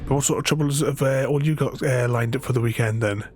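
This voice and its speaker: Speaking fast in a medium-pitched voice with a darkish tone, a man streams a game and offers casual live commentary. He rambles and chuckles while chatting with his viewers over faint game music.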